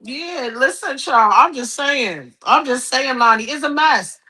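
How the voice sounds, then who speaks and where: Sassy woman host, high voice. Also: expressive, unhurried, sharp tone. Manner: sassy, emphatic, repeats phrases. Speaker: podcast host. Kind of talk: casual gossip talk show.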